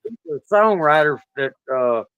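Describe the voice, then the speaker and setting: A middle-aged man with a drawl talks with an unhurried, easygoing ease and chuckles between thoughts. His voice has a bright, forceful edge. It comes through a dull, dry remote-call line. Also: on the high side, lively intonation, clear, resonant tone, dry recording. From United States. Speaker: country music artist guest. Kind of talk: casual interview chat.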